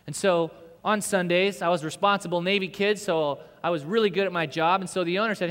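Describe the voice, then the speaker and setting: A man preaching a sermon, telling a story with animation and swinging between loud bursts and hushed moments. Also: high voice, fairly quick, hardly any pauses. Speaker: pastor. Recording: echoey hall reverb.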